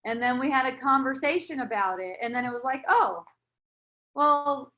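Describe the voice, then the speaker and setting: Woman spiritual teacher, soothing and rambling, higher voice. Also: fast. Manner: gentle, reassuring, rambling with restarts. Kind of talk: casual spiritual dialogue.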